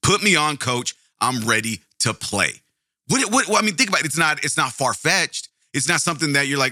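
A man's voice: fairly high pitch, animated, fairly quick, pushed and bright, no echo, studio quality. A man hosting a casual true-crime podcast, rambling, interrupting himself and swearing casually. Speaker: podcast host.

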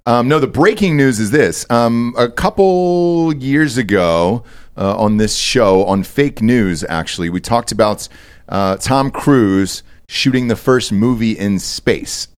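A man hosting a comedic news podcast from a studio, rambling through crude deadpan jokes. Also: mid-range voice, takes it slowly. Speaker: show host.

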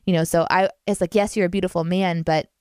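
A woman chatting casually as a co-host about a movie, animated and full of restarts. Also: lowish voice, fast talker, clear, resonant tone, no room sound, clean studio sound. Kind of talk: casual chat.

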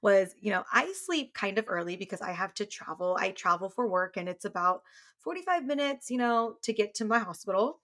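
Chatty young woman telling funny stories. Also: fairly quick. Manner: animated storyteller, acts out quotes in a high squeal. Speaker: podcast co-host. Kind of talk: casual chat.

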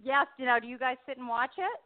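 A woman's voice: high-pitched, animated, quick pace, dry recording. A woman hosting an interview, reacting with enthusiasm and asking short questions. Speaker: interview host. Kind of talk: casual interview chat. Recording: tinny phone line, dry.

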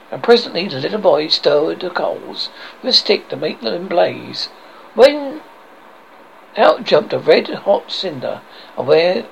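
A man, a horror host, reading a fairy tale aloud with expressive delivery, stumbling and correcting words. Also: fairly high pitch, creaky, slight background noise, low-quality recording. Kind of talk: storybook reading.

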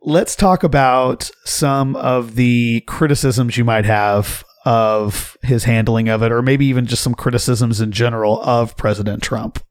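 A man co-hosting a casual political chat, agreeable and quick to laugh. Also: mid-range voice, steady tone, no room sound, studio quality. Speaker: podcast co-host.

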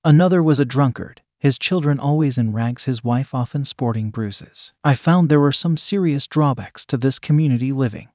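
A man reading a first-person story aloud in a measured, even storytelling manner. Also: medium pitch, dry recording, clean studio sound. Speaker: audiobook reader.

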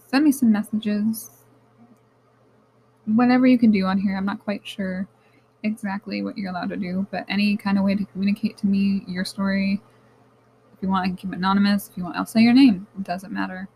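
A young woman at a medium pitch, talking in a frank, casual podcast monologue. Her storytelling is animated and blunt, with swearing scattered through it. There is faint noise beneath her voice. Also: fairly quick, gravelly, low-quality recording. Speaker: podcast host.

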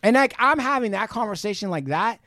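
A man co-hosting a podcast, retelling a conversation in casual, animated chat, swearing freely and restarting sentences. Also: high voice, a little fast, no room sound, studio quality. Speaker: podcast co-host.

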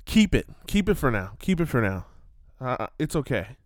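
A man giving casual, animated commentary, swearing and jumping between topics with loud outbursts. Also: medium pitch, moderate pace, dry recording, studio quality. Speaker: vlogger.

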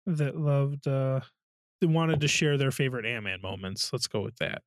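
A man's voice: medium pitch, fairly even intonation, moderate pace, no echo, clean studio sound. A man co-hosting a podcast, chatting casually and telling stories with swearing and sound effects. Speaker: podcast co-host. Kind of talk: casual chat.

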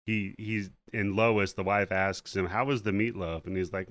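Speaking a little slowly in a fairly low voice, a young man on a podcast retells a movie's story in a casual recap chat. He brings it to life by performing the characters' lines.

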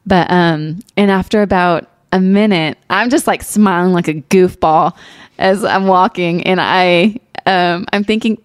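A woman telling a personal story in casual chat, animated and emotional, laughing often. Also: on the low side, unhurried, clear, resonant tone, no echo, studio quality. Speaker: podcast co-host.

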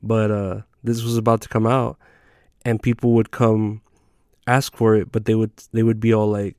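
Mellow, laid-back man telling crude stories. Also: on the low side, level tone, moderate pace, clear, resonant tone, no echo, clean studio sound. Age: adult. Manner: laid-back, profane, rambling with fillers. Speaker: comedy podcast host. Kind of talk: casual comedic storytelling.

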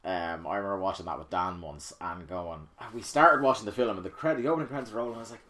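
Low-voiced joking male podcast host. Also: quick pace, bright, forceful tone. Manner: jokey, rambling with restarts. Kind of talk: casual gaming podcast chat.

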